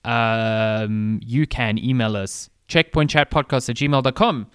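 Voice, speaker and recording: A laid-back man chatting on a podcast, mid-pitched and easygoing. He swears casually and lets his sentences trail off. The sound is dry and close, with no room echo. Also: fairly even intonation, measured pace, fairly bright tone, clean tone. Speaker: podcast co-host. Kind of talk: casual chat.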